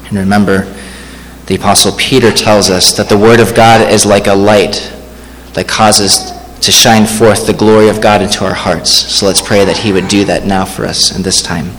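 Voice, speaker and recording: Pastor, male, lowish voice, deliberate sermon delivery, slows down for scripture, long hall reverb. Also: flat delivery, fairly bright tone, slight background noise. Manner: measured, slows down to read scripture.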